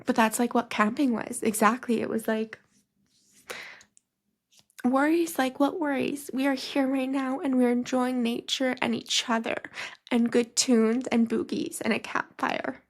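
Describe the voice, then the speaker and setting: Young woman, podcast host, slow unhurried talk, vocal fry, rambling casual story with lots of fillers. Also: fairly high pitch, fairly even intonation. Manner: rambling, many fillers, laughing through tears. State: crying at times.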